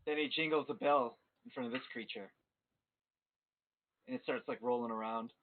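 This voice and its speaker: A man narrating a tabletop game as game master, telling the scene in an animated way. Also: mid-range voice, moderate pace, slight background noise. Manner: animated storytelling. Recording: tinny phone-like stream audio.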